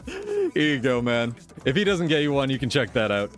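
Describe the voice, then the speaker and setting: A man's voice: medium pitch, wildly swooping pitch, normal speed, faint music behind. A male streamer from the United States in casual live-stream chat, ranting with lots of swearing and exasperation.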